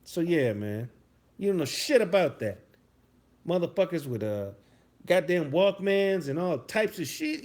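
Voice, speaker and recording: A man in his thirties delivering a loud, profane comedic rant, mock-scolding his chat as a streamer. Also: a little high, sing-song, measured pace.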